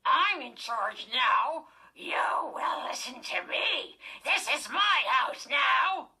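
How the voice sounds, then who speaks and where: A woman voicing an evil male ventriloquist dummy who snarls slow, shouted threats in a raspy voice. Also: high voice, sing-song, pitched above the performer's own voice, full character voice. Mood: domineering.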